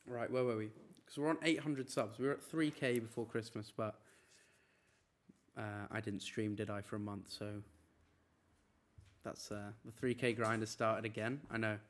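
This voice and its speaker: A young man streaming from a room, chatting casually and rattling off a long list of names. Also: medium pitch. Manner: rattling off names in a quick run. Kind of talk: casual live-stream chat. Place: apartment room.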